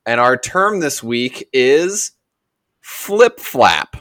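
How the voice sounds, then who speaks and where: A man hosting a casual soccer podcast, easygoing and relaxed, sometimes humming a little jingle. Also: medium pitch, drawn-out words, no echo, clean studio sound. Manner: easygoing, hums a little jingle when announcing segments. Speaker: podcast host running a soccer segment.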